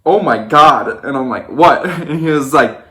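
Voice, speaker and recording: Young man telling a story, echoey room. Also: normal speed. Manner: animated storyteller, acts out quotes in a higher voice. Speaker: vlogger recounting wedding day. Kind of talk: casual storytime chat.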